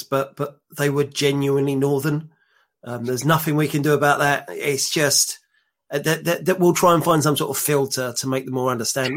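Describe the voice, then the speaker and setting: A man co-hosting a casual podcast, trading dry, joking banter. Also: medium pitch. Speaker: podcast co-host. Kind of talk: casual chat.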